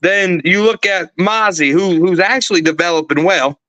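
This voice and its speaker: A man with a high voice hosts a sports debate, firm and steady as he pushes back on a guest. The recording is dry and close, with no room sound. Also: normal speed, no echo, dull audio.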